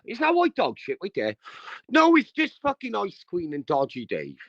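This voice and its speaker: High-voiced ranting man, crude slang. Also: wildly swooping pitch, normal speed, no room sound. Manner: crude, aggressive, repetitive slang-heavy ranting. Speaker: livestream host. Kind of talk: ranting livestream commentary. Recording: dull dry lo-fi stream audio.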